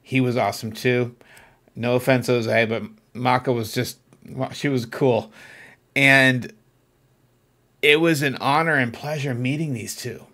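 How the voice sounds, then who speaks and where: A man hosting his own podcast, telling a personal story in an earnest, reflective way that turns animated when he gets excited. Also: mid-range voice, unhurried, long pauses. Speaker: podcast host. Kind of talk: casual storytelling monologue.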